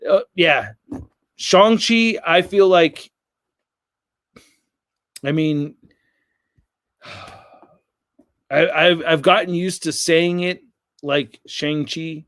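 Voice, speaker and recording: A man's voice: a little high, drawn-out words, long pauses, fairly bright tone, no room sound. An American man hosting a casual livestream, rambling and reading viewer comments aloud. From United States. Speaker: livestream host.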